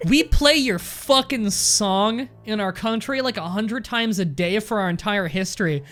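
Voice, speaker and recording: A woman's voice: medium pitch, measured pace, a bit bright, soft background music. A Canadian woman commenting on a game she plays, ranting in mock outrage and swearing a lot. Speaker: let's play host. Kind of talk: casual gameplay commentary.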